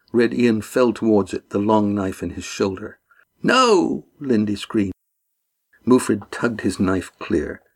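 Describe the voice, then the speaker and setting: Low-voiced man narrating a story. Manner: measured, dramatic storytelling with acted dialogue. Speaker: audiobook narrator. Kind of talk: scripted narration.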